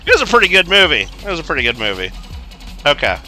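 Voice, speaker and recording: Guy streaming a game, kinda high voice, rambly casual chat, music going loud in the background. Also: wildly swooping pitch, fast talker. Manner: rambling, filler-heavy storytelling with lots of "like". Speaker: livestream gamer host. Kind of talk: casual livestream chat while playing.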